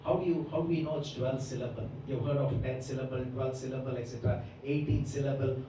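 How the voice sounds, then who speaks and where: A fast-talking man with a steady, medium-pitched voice leads a Bhagavatam class, giving a lengthy explanatory reading of scripture and repeatedly checking in with "right?". The background is noisy, and the far-off mic picks up the hall's echo.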